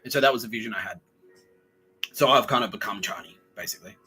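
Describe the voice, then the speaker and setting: A lowish yet bright, forward-sounding man riffing through a comedy podcast monologue. He rambles and swears freely, jumping into quick impressions as he retells scenes. Soft music hums faintly behind him. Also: rough recording. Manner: rambling, profane, acts out scenes in quick voices. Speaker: podcast host.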